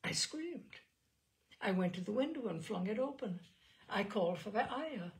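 A woman reading the part of a composed young widow who calmly tells of a killing. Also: mid-range voice, moderate pace, pitched above the performer's own voice, natural voice. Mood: coolly recounting. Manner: matter-of-fact, unrepentant telling.

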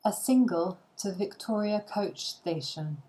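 A woman reading short English phrases one at a time for language learners, with pauses between them. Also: mid-range voice, warm tone.

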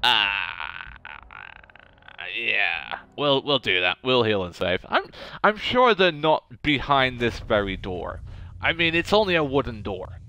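A man's voice: medium pitch, sing-song, slow pace, vocal fry, pushed and bright. A man commentating a game playthrough in a chatty, jokey way, talking to the characters on screen. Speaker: gaming YouTuber. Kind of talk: let's play commentary.

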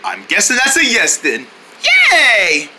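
A woman voicing an excitable young cartoon girl who squeals and shouts playfully. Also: medium pitch, slow pace, slight background noise, full character voice. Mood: eager.

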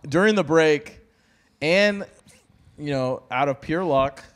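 A man hosting a casual podcast chat, excitable, laughing often and swearing. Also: on the high side, takes it slowly. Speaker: podcast host.

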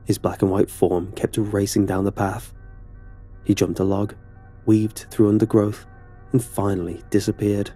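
A man narrating a horror story in a steady, measured way. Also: lowish voice, faint music behind.

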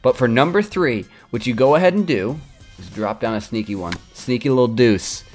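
Young guy streaming a game, crude trash talk, voice jumps all over from mutters to yells. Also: medium pitch, normal speed, faint music behind. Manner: excitable, crude trash-talking, yelling at the game. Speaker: gaming streamer. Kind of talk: live gameplay commentary.

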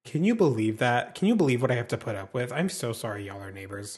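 Excitable man chatting over a video game. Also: medium pitch, a little fast, hardly any pauses, soft background music. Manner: excitable, chatty, swears freely, talks to viewers. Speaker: gaming YouTuber. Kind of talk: casual gameplay commentary.

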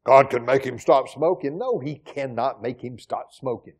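A middle-aged man preaching a sermon as pastor, emphatic, swinging from loud exclamations to quiet asides. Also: mid-range voice, moderate pace, breathy edge. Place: church sanctuary.

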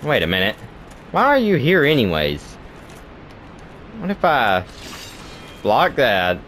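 A man's voice: mid-range voice, slow pace, long pauses, slight background noise. A young man giving playful let's play commentary, chatting to the game and yelping at what happens. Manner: talks to the game, playful and excitable, yelps. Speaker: gaming video host.

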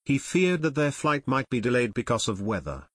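A man narrating a children's mystery audiobook in measured storytelling. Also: medium pitch, sing-song, fairly bright tone, no room sound. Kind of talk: scripted narration.

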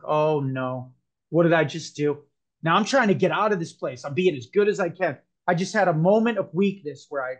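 Earnest high-voiced man telling his story. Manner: earnest, rambling with restarts. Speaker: podcast guest. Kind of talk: personal storytelling interview.

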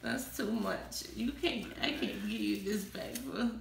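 A woman's voice: medium pitch, big pitch swings, measured pace, creaky, a little hiss or hum. A young woman, chatting casually in an exclamatory, gushing way. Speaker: vlogger. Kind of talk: casual chat. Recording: echoey room.

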